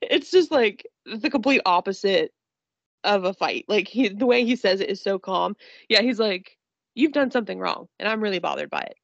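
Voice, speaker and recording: A woman's voice: medium pitch, animated, moderate pace, vocal fry, dry recording, highs cut off. A woman podcast co-host chatting casually about a movie, giggling and quoting its lines in character voices.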